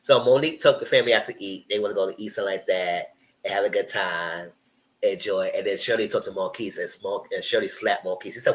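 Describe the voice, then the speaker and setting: Animated man recapping TV episodes. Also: lowish voice, a little fast. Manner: animated retelling that acts out the characters' lines. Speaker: TV show reviewer. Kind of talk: casual live TV recap.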